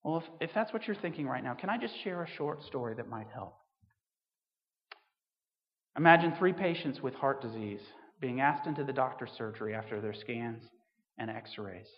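A man's voice: medium pitch, animated, normal speed, in a large hall, lo-fi sound. A man preaching a sermon as a vicar, earnest and storytelling, building to emphatic points.

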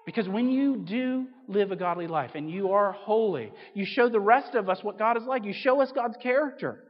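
A man's voice: high voice, expressive, normal speed. An earnest man preaches a sermon, speaking straight to his listeners and leaning on rhetorical questions. His voice rings through a large church hall with a long reverb tail, and the recording sounds slightly muffled. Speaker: pastor.

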